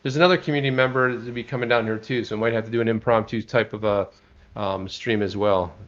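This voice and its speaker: A man's voice: on the low side, quick pace, lo-fi sound. Rambling American man on a live stream. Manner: rambling, animated, many restarts. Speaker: co-host. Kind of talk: casual live-stream chat.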